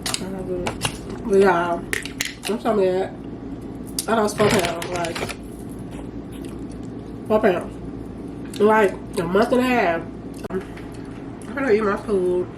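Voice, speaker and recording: A woman's voice: medium pitch, takes it slowly, long pauses, noisy background. A young woman chatting casually to camera as a vlogger at home, playful and laughing easily. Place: home, indoors.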